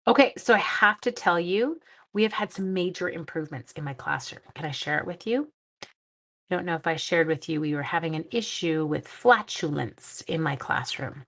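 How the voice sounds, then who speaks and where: A woman, hosting a casual livestream craft demo, chatty, giggly and quick to poke fun at herself. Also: low-pitched, expressive, vocal fry, fairly bright tone. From Canada. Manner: chatty, giggly and self-deprecating. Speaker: craft class host and schoolteacher.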